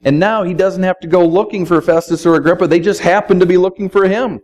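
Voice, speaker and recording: A man's voice: high voice, steady tone, fast talker, few pauses, darkish tone, poor audio. A middle-aged man preaching a sermon, speaking conversationally and quoting scripture. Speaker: pastor.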